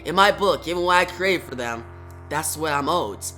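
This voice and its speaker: A reviewer reading out a proud, worried mother from a comic, soft and hesitant. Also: mid-range voice, expressive, moderate pace, faint music behind, pitched below the performer's own voice. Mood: pleading. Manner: read out plainly, soft and hesitant.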